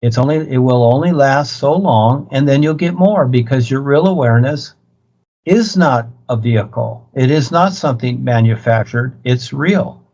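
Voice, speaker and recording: A man's voice: medium pitch, moderate pace, a little mellow. Brief: man, spiritual teacher type, lecturing over a dull video call, repeats himself, keeps pressing his point. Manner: insistent, repetitive, preachy. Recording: muffled video-call audio.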